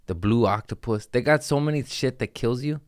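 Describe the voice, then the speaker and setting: A man's voice: medium pitch, brisk, dry recording, clean studio sound. A man hosting a comedy podcast, rambling through crude, jokey stories in a casual monologue.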